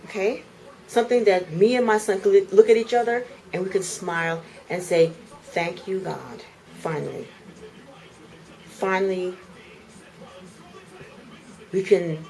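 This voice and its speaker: In her apartment, a woman vlogs an angry rant to the camera, repeating herself with heated indignation. Her voice is fairly low and warm, and she speaks slowly with frequent pauses. The recording is rough, with slight background noise.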